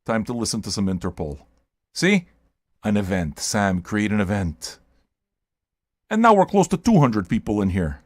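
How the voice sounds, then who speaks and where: An older man hosting a music livestream, talking to viewers in a loud, profane, hyped-up way and sometimes shouting. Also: on the low side, sing-song, moderate pace, pauses often. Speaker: music stream host.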